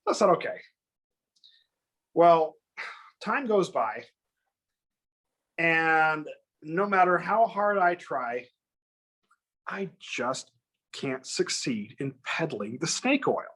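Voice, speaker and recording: Man telling a story with a lively, higher voice. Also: slow, long pauses, slightly rough. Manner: animated, acts out other people's lines in raised voices. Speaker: guest. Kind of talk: casual storytelling.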